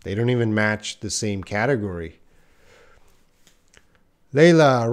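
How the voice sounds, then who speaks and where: Guy teaching english on a live stream, slow and unhurried, lots of uhs, reads chat names out. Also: lowish voice, lively intonation. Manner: thinking aloud with many uh fillers, reads viewer names and comments.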